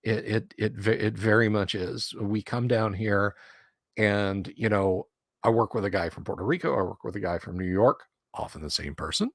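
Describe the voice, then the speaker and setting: A man from the US South, hosting a relaxed livestream chat and rambling conversationally with many pauses and restarts. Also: lowish voice, no room sound, studio quality. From Alabama, US South. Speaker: streamer host. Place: home studio room.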